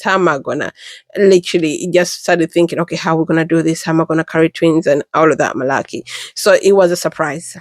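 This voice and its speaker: A woman in her thirties from the United Kingdom, a mother telling her pregnancy story in a casual, chatty way, jumping up in pitch when she quotes people. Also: a little fast, no room sound, clean studio sound. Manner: chatty and animated, acts out quoted voices with pitch jumps.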